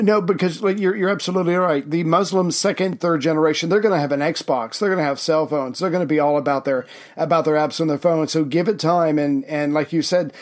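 Easygoing man, fairly high voice. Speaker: podcast co-host. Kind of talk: casual chat.

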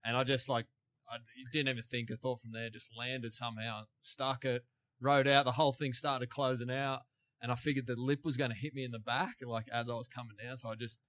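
Man, bright-toned, relaxed chuckling storyteller, studio guest. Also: mid-range voice. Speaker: big wave surfer guest. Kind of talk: casual studio interview.

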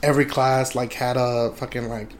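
A man's voice: mid-range voice, level tone, moderate pace, a little hiss or hum. A young man telling a casual, rambling story, laughing often and swearing freely. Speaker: podcast host.

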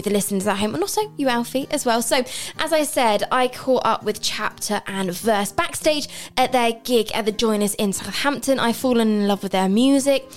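This is a bubbly young woman hosting a radio show from a studio mic, her voice sitting a little high. She chats in a loose, friendly way and laughs a lot, with soft music running quietly under her. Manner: bubbly and chatty, laughs often. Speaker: radio presenter. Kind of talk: casual radio chat. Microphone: studio microphone.

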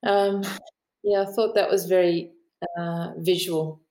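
A woman's voice: fairly low pitch, steady tone, takes it slowly, darkish tone, reverberant, low-quality recording. A woman author with an Australian accent, telling stories in a podcast interview, chatty and laughing often. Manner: chatty storyteller, laughs often, mimics the people she quotes. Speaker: author and aviation writer, guest.

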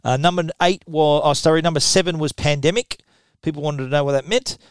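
A man's voice: fairly high pitch, a little fast, clear, resonant tone, dry recording. A middle-aged Australian man hosting a tech show, talking chattily and often restarting his sentences. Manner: chatty, lively, repeats words when restarting. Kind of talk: radio tech news talk.

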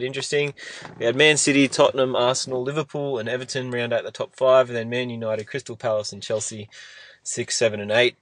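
A man's voice: mid-range voice, fairly bright tone, no echo. A man with an Australian accent hosting a casual sports podcast chat, rambling through his points and laughing often. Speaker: podcast host.

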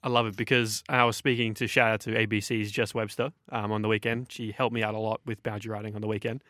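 An Australian man hosts a sports podcast, breaking down games with eager, confident opinions in long runs. His voice sits a little low for a man. It is recorded close and dry, with no room echo. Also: flat delivery, quick pace, a bit bright. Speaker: sports journalist and podcast host. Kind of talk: casual sports podcast analysis.

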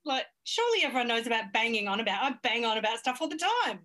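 A woman's voice: fairly high pitch, lively intonation, racing, bright, forceful tone. Frank Australian woman in her forties. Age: 40s. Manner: frank, emphatic, storytelling. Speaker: fertility coach guest. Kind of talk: conversational podcast interview.

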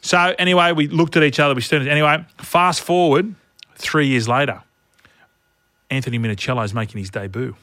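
A man's voice: mid-range voice, brisk, dry recording, clean studio sound. A middle-aged man co-hosting a podcast, telling a story in casual chat and laughing as he goes. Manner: animated storyteller, laughs through his lines. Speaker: podcast co-host.

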